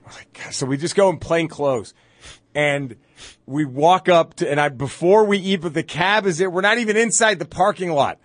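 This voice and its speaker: Excitable storytelling man, dry studio sound. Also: a little high, normal speed, dry recording. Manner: excitable, shouts when quoting hostile fans. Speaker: comedian guest. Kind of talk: animated storytelling on sports radio. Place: radio studio.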